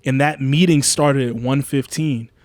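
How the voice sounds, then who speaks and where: A man's voice: unhurried, dry recording. A young man co-hosting a podcast, telling a story in casual chat, swearing and acting out quotes in a raised voice. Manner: animated storytelling, swearing, acts out quotes in a higher voice. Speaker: podcast co-host.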